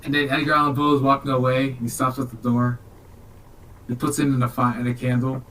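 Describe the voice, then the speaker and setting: A man co-hosting a podcast, retelling a movie in an animated, joking way. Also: mid-range voice, a little fast, recorded from a distance, rough recording. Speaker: podcast co-host. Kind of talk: casual chat reviewing a movie.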